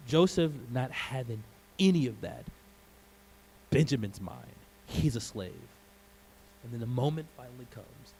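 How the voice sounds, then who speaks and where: Gravelly-voiced man preaching. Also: medium pitch, measured pace, pauses often, poor audio. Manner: animated storytelling, acting out scenes. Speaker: pastor. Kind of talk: sermon. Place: church.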